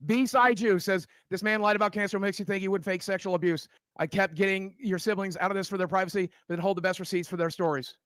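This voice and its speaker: A man's voice: high voice, steady tone, quick pace, few pauses, a bit bright, dry recording. A man co-hosting a live stream, reading viewer comments aloud in a blunt, dry way with swearing.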